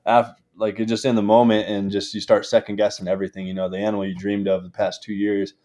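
A young man telling a hunting story in casual talk, animated and laughing as he goes. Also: fairly low pitch, fast talker. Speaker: guest, game call maker.

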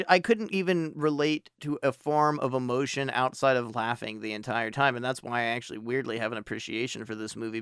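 A man co-hosting a casual movie-review podcast, profane, animated and sarcastic. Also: mid-range voice, smooth, no echo, studio quality. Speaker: podcast co-host.

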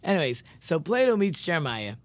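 A man retells a religious story as an informal Torah lesson. He rambles and stops to correct himself. He slows right down to press on the words that matter. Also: on the high side, sing-song. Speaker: religious teacher.

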